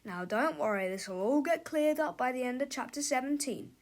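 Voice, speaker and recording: A woman's voice: sits high, animated, brisk. A woman narrating a children's book aloud, playfully addressing the listener. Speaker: storybook reader.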